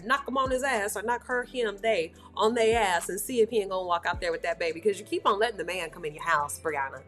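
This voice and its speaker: A woman's voice: fairly high pitch, a bit bright. A woman giving blunt, slangy, scolding reaction commentary as a vlog host. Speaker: commentary vlogger.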